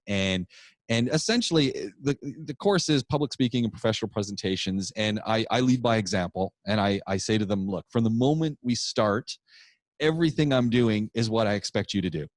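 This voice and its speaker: A man co-hosting a podcast, telling a rambling, animated story about his public speaking class in a casual chat. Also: lowish voice, dry recording, clean studio sound.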